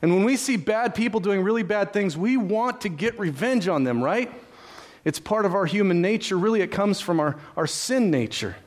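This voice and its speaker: A man preaching a sermon. He tells a personal story in a relaxed, conversational way, fills pauses with "uh" and "and so," then builds to earnest preaching. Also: sits high. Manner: frequent "uh" and "and so" fillers. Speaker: pastor.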